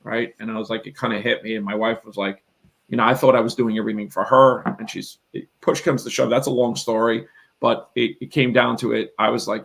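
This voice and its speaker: Gravelly, earnest middle-aged man. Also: lowish voice, steady tone, fairly quick, fairly bright tone, low-quality recording. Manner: earnest, rambling, emphatic, quotes himself and others. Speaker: real estate investor and coach. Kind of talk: storytelling in a live interview.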